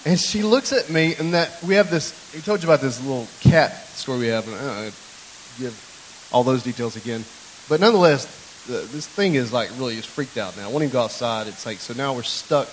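Chatty joking pastor preaching a sermon. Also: male voice, medium pitch, expressive, a little fast, slight background noise, rough recording. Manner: chatty, joking storyteller who talks to the congregation. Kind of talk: conversational sermon. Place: church.

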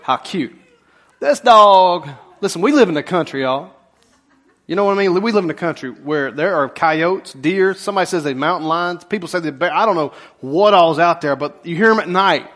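Folksy pastor, husky voice. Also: male voice, high voice, brisk. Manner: folksy, joking, animated asides to the congregation. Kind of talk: conversational sermon storytelling. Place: church sanctuary.

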